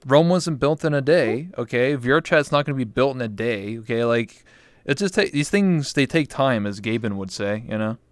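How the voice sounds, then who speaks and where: A man's voice: medium pitch, animated, moderate pace, clear, resonant tone, dry recording. A young man hosting a casual interview chat, rambling and emphatic with lots of fillers. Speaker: talk show host.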